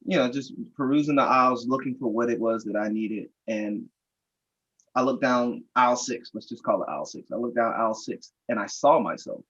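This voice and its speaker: Husky-voiced man telling a personal story. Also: medium pitch, a little fast, fairly bright tone, muffled recording. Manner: reflective storyteller, quotes dialogue. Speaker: panelist.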